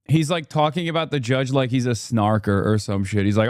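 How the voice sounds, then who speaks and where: A man from the United States hosts a livestream, reacting to the news with an offhand, sarcastic edge. His voice is smooth and clean, recorded close and dry with no room sound. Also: mid-range voice, lively intonation, fairly quick, few pauses, darkish tone, dry recording. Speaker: livestream host and political commentator. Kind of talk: casual livestream commentary.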